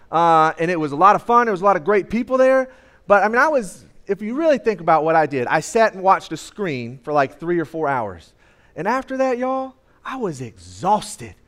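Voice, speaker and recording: High-voiced young preacher with twang. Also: male voice, fairly bright tone. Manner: casual conversational preaching with many fillers. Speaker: preacher on church staff. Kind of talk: sermon. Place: church sanctuary.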